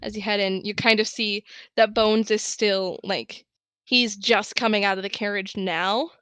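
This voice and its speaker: A woman narrating a tabletop game as game master, in a casual way with quiet asides. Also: medium pitch, steady tone, measured pace, clean tone, dry recording.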